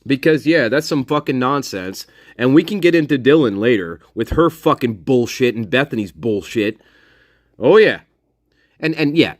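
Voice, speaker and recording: Fairly high-voiced male commentator, sarcastic and profane, sound dry and close. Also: no room sound. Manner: heavy swearing, repeats himself for emphasis; sarcastic, mocks others in put-on voices. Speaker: true-crime commentator. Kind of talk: angry, profane live commentary.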